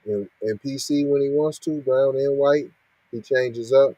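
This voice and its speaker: A man reads out news and keeps cutting in to scold, firing off rhetorical questions. His voice is dark and husky. It is recorded dry and close. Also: medium pitch, measured pace, no echo, low-quality recording. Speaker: podcast host reacting to news. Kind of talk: reading and ranting commentary.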